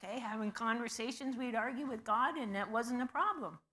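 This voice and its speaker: A woman teaching a Bible study in a conversational way, posing questions to the class and pausing with frequent ums. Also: on the high side, bright, forceful tone.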